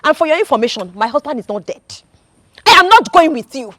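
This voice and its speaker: An actress playing a defiant wife with a Nigerian accent, shouting in anger to defend her husband. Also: sits high, sing-song, fast, no room sound, clean studio sound, exaggerated voice. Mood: furious. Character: defiant wife, fiercely loyal to jailed husband. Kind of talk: Nollywood film acting.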